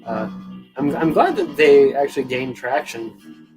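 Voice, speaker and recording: A man's voice: mid-range voice, expressive, measured pace, darkish tone, poor audio. A young man hosting a live stream, rambling casually to viewers and swearing freely while he drinks a beer. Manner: rambling, profane, self-deprecating, chatting to viewers. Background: music playing.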